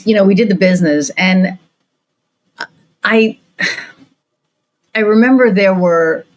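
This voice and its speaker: A woman's voice: medium pitch, low-quality recording. A woman hosting a podcast, chatting casually and telling a story with lots of fillers and restarts. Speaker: podcast host. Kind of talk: casual interview chat.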